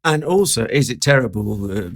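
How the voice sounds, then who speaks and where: Middle-aged southern English man, gravelly, dry close sound, wry chatty co-host. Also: medium pitch, lively intonation, normal speed, dry recording. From southern England. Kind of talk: casual chat.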